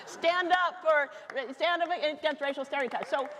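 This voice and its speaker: Rapid, self-mocking woman in a hall. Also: sits high. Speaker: author giving a talk. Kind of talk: comic storytelling talk on stage. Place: large lecture hall. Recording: reverberant hall with faint noise.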